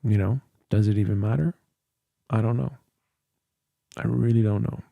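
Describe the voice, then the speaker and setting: The sound is phone-quality with no room sound, though he's on a close studio dynamic mic. A tired man hosting a casual livestream rambles and thinks aloud, his fairly low, creaky voice moving at a moderate pace with fairly even intonation.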